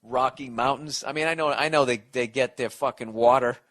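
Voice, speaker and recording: Bright-voiced, profane ranting man. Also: medium pitch, fairly quick. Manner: profane, exasperated, sarcastic ranting. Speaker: podcast host giving advice. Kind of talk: ranting comedic podcast monologue.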